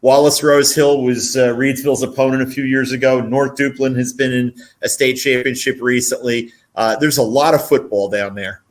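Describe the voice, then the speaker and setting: Dry, understated sportswriter guest. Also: male voice, medium pitch, steady tone, moderate pace, few pauses. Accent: North Carolina. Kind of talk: radio interview.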